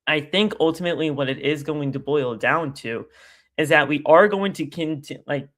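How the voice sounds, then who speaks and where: A man as a guest on a casual live stream, talking at length in an animated, rambling way and repeating his stock phrases. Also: fairly high pitch, normal speed.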